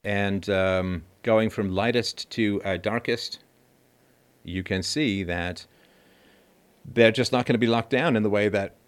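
A man's voice: fairly low pitch, slow, clear, resonant tone. Sarcastic middle-aged man riffing on news. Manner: mocking, jokey asides, laughs while reading. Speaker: podcast host.

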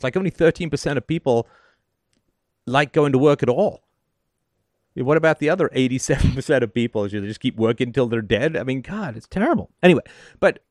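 A man's voice: mid-range voice, no room sound, clean studio sound. Emphatic, sardonic male call-in host. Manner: emphatic and sardonic, keeps asking "right?". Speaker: call-in show host giving advice. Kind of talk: call-in advice monologue.

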